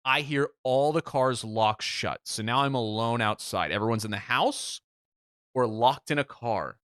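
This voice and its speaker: Forceful, self-mocking male podcast host. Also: medium pitch, unhurried, smooth, no echo, studio quality. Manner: animated, self-mocking, swearing freely. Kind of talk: casual storytelling chat.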